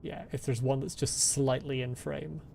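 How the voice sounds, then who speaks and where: A woman's voice: rumbling low, steady tone, moderate pace, creaky, noisy background. A woman streaming a video game, chatting casually with giggly, rambling jokes to her chat. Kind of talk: casual gaming commentary.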